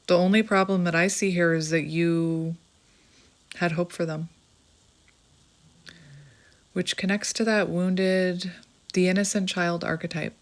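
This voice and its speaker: Woman doing a tarot reading, kinda low voice, emotional, reassuring, reads bits out loud. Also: steady tone, takes it slowly, long pauses. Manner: earnest, emotional, reassuring, reads passages aloud. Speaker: tarot reader. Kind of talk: tarot reading addressed to the viewer.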